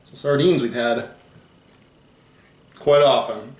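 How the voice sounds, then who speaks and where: A man's voice: medium pitch, slow pace, reverberant. A man hosting a food tasting video in casual chat, explaining facts he reads off the packaging. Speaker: host of a food challenge channel.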